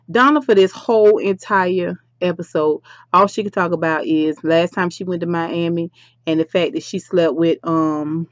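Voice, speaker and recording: A woman's voice: on the low side, no room sound. A woman chatting casually as she recaps a reality show, sassy and talking straight to her listeners. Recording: dry, slightly dull lo-fi sound.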